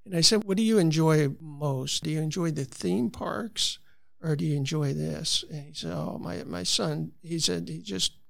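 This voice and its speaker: A man's voice: on the high side, normal speed, gravelly, dry recording, clean studio sound. A man from Florida, a conservation advocate, telling stories earnestly in a conversational interview with frequent restarts. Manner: earnest, storytelling with many restarts.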